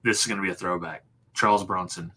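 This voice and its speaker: A man's voice: deep voice, steady tone, quick pace, bright, forceful tone. A man co-hosting a casual movie chat, easygoing and agreeable, saying "dude" and "yeah" a lot. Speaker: podcast co-host.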